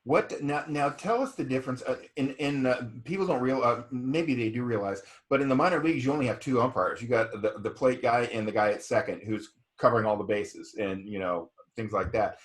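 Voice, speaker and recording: A man's voice: mid-range voice, fairly quick, few pauses. A man hosting an interview, giving short affirmations and asking long, rambling questions. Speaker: interview host. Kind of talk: conversational interview.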